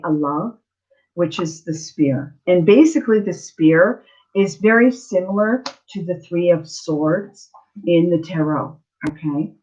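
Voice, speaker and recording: A woman's voice: lowish voice, highs cut off. A woman giving a live online tarot reading, earnest and emotional, often checking in with the listener. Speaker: tarot reader.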